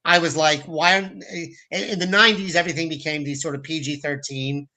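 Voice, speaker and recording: The recording is rough, and the man, a film director appearing as an interview guest, speaks a little fast with a fairly high pitch. His casual storytelling is animated, with quotes acted out in put-on voices and many restarts.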